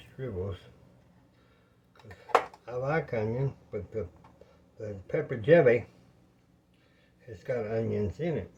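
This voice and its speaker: Over a noisy background, a man with a mid-range voice talks casually to viewers about cooking while he works in his home kitchen. The home cooking vlogger is out of breath and chats in a folksy, rambling manner.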